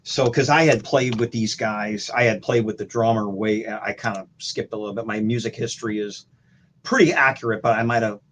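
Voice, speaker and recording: A man's voice: lowish voice, fairly even intonation, a little fast, a bit bright, a little hiss or hum. A man on a video call, telling rambling anecdotes about his band days in casual chat, full of restarts and fillers. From St. Louis. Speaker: guest musician.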